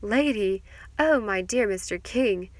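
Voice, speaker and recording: A woman's voice: medium pitch, animated, slow pace, no echo. A woman voicing a gushing, snobbish society mother who talks in an affected, effusive way.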